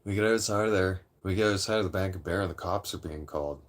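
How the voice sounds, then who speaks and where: A man's voice: sits low, quick pace. A man in his late thirties telling a long story to a live chat in a casual, profane, rambling way, often repeating and restarting phrases. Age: 30s; late 30s. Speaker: livestream host.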